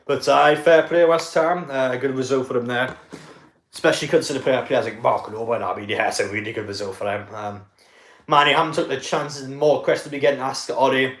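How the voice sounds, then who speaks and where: A man talks loosely over a live football match on his stream, swearing, laughing and chatting to his viewers. His voice sits at an ordinary middle pitch. It is recorded on a desk mic in an echoey room. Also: brisk, a bit bright. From North East England.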